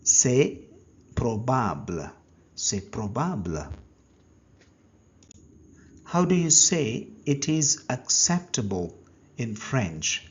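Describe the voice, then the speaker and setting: Very slow, patient male language teacher. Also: medium pitch, big pitch swings, husky. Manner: very slow, patient, pausing for learner answers. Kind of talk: slow step-by-step language lesson. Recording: dull lo-fi recording.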